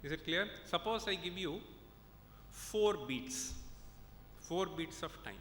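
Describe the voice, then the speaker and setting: A man's voice: animated, slow, fairly bright tone. An Indian man, a professor, lecturing at a conference, explaining step by step and checking in with his listeners as he goes. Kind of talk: lecture with examples and recitation. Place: conference hall. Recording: echoey hall with faint rumble.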